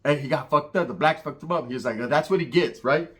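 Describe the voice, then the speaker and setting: Man, comic street storytelling, profane, bright voice, higher pitch. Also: fairly quick. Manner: profane, animated, acts out other voices.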